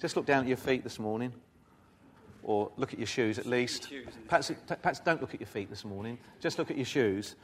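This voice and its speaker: A man's voice: medium pitch, brisk, a little hiss or hum. A man giving a sermon, reading scripture aloud and breaking it up with informal, chatty asides to his congregation. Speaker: preacher.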